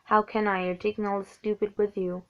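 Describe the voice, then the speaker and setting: A woman's voice: mid-range voice, little pitch movement, a little fast, close to an everyday voice. Female reader voicing a determined small young man; plain storybook read, dull audio. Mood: earnest. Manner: read plainly in her own voice.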